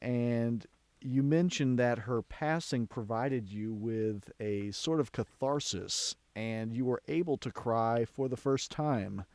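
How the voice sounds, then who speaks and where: A man's voice: medium pitch, a little mellow, dry recording. Man hosting a radio interview, dry studio sound. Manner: measured, prepared questions. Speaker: radio show host. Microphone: studio microphone.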